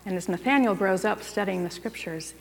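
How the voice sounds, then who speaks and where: A woman preaching a sermon in a plain, chatty teaching manner, often turning to ask the congregation questions. Her voice sits at an ordinary middle pitch for a woman. It rings out with a long reverb in a church sanctuary. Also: fairly quick, vocal fry. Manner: conversational, asks the listeners questions. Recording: long reverb of a large room.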